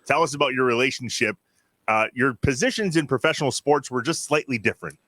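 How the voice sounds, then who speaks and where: A man's voice: medium pitch, a little fast, pushed and bright, dry recording. A man hosting a podcast, steering the talk with dry, wry remarks. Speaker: podcast host.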